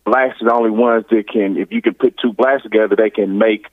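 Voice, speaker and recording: A man's voice: fairly low pitch, fairly even intonation, fairly quick, dry recording. A man from Ohio calling in, rambling and tacking "or whatnot" onto everything. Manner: rambling, says "or whatnot" constantly. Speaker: caller. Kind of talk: rambling phone call. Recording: tinny phone line.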